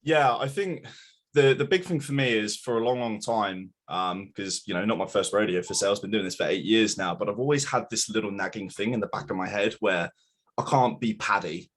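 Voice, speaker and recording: A man's voice: on the low side, fairly quick. A man who works in sales, talking about his work in a reflective way with some hesitations as a guest. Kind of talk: casual interview chat.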